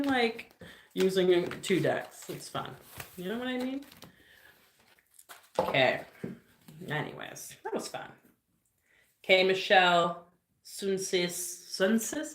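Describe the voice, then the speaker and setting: A woman's voice: medium pitch, sing-song, a little slow, long pauses, echoey room, slight background noise. A woman doing a casual live card reading, musing aloud with lots of fillers and loose, rambling phrasing. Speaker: tarot reader on a livestream.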